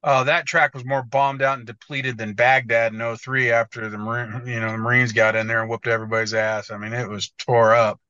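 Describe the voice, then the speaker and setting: Forceful, profane storytelling man. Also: mid-range voice, level tone, a little fast, hardly any pauses, no room sound. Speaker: podcast co-host, motocross editor. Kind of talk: casual podcast chat. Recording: dull, dry lo-fi audio.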